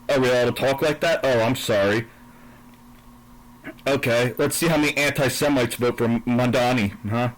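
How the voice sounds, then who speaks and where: A man's voice: medium pitch, low-quality recording. A man giving a profane, sarcastic, combative rant, then recapping his football picks. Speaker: sports and politics commentator.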